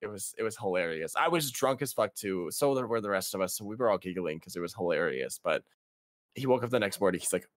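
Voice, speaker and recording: A young man casually telling a funny story, laughing often and leaping into high voices to quote people. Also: fast, no room sound. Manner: laughing, animated, jumps to high voices quoting others. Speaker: podcast guest.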